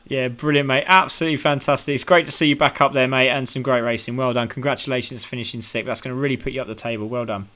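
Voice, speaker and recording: A man's voice: mid-range voice, steady tone, fast talker, few pauses, pushed and bright. An upbeat British man interviews drivers after a sim race. He hands out praise freely, one driver after another. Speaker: sim racing commentator and interviewer.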